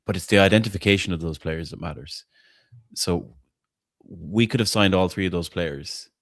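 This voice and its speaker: Deep-voiced, blunt man. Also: moderate pace, no room sound, studio quality. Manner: blunt, opinionated, swears freely, stumbles and repeats words. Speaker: podcast host. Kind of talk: casual football fan chat.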